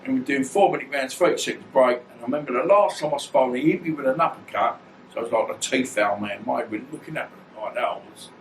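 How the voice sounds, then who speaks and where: A former boxer in his 50s, appearing as an interview guest, tells stories in a blunt, rambling, slangy way. His medium-pitched voice moves fast, with slight background noise. The recording has a roomy echo, a distant mic, and faint ambience.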